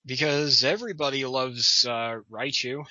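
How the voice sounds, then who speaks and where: A man with a very bright, edgy voice trades wry remarks with his co-host. He stammers a little and uses mild, old-fashioned exclamations. The sound is dry and a little dull. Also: mid-range voice, a little slow, no room sound. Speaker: podcast co-host. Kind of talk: comedic commentary.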